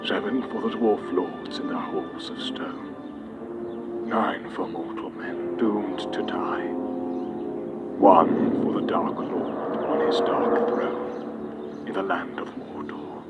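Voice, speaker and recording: Gandalf, a man doing a deep old wizard. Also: steady tone. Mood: grave. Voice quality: deep, solemn. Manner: slow, measured, dropping to a hush. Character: old male wizard, grave and wise. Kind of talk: audiobook character reading. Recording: loud music bed behind voice.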